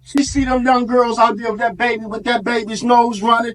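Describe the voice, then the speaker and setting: A man's voice: extremely high pitch, level tone, moderate pace, fairly bright tone. A man giving an impassioned speech to a live audience, preacherly, with call-and-response and street vernacular. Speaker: community organizer speaking at an event.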